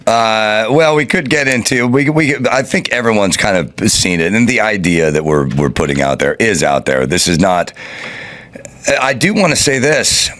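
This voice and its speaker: A man's voice: on the low side, lively intonation, normal speed, a bit bright. A man co-hosting a podcast in casual chat, with a dry, indignant way of questioning. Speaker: podcast co-host.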